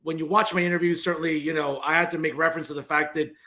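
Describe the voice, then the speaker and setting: Male talk show host, higher voice, animated and opinionated. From New Jersey. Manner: animated, opinionated, fast asides. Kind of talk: political talk show interview.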